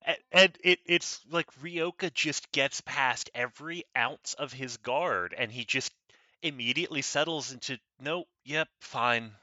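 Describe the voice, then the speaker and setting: A man's voice: medium pitch, a little slow, sharp tone, no echo. A man co-hosting a casual book discussion podcast, thoughtful and analytical, with casual swearing. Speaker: podcast co-host. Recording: dry, dull lo-fi sound.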